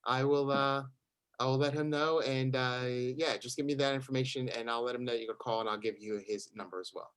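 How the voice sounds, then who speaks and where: A man in a networking group role-playing a referral call, speaking in a friendly, steady way with slight hesitations. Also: medium pitch, a little fast, clean tone, no room sound.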